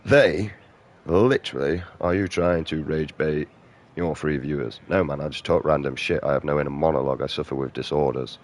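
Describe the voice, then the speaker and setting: Speaking at normal speed in a very deep voice, this British man in his thirties is a gaming streamer who curses his way through a rant while commenting over his gameplay.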